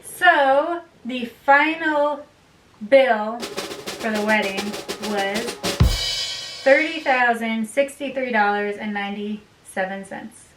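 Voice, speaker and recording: A woman's voice: fairly high pitch, slow pace, a bit bright, faint music behind. Chatty woman, roomy distant sound. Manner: chatty and upbeat, laughs often. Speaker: vlogger, bride. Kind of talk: casual chat to camera. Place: home room by a desk. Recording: roomy, distant mic with faint hiss.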